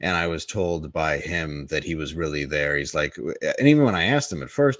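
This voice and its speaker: A man's voice: deep voice, a little fast, a bit bright, no room sound, studio quality. A man, a comedian guest on a podcast, telling a long candid story in a blunt, profane, rambling way.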